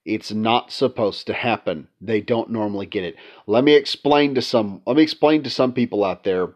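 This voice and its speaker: A man's voice: on the low side, normal speed. A man with a stuffy nose from allergies, hosting sarcastic casual commentary on video games and repeating his points for emphasis. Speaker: commentary channel host. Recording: dull lo-fi sound.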